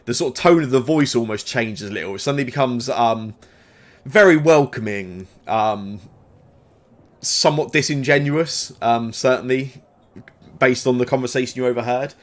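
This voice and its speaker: A man narrating as game master in a tabletop game, pausing often and restarting his sentences as he describes the scene. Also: mid-range voice. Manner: hesitant, many fillers and restarts.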